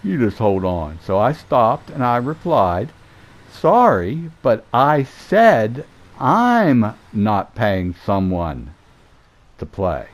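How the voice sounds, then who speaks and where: A man's voice: medium pitch, takes it slowly. A man, a gaming streamer telling a rambling, profane story and acting out each exchange. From Southern United States. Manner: animated, swears freely, acts out quoted exchanges.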